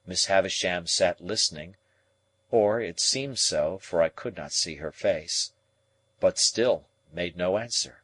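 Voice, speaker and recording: A man reading a classic novel aloud as audiobook narrator in a measured, expressive way. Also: low voice.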